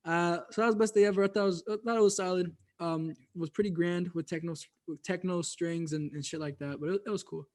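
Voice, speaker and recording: A man's voice: sits high, fairly even intonation, quick pace, few pauses. A man co-hosting a podcast, reviewing music in loose, laughing casual chat full of fillers. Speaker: podcast co-host.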